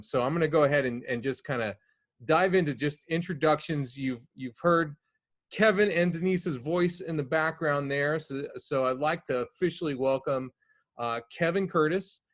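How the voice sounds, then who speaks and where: A man's voice: a little high, a bit bright, dry recording. A man hosting a podcast over a video call from home, eager and often repeating words as he talks. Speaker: podcast host. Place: home during a storm.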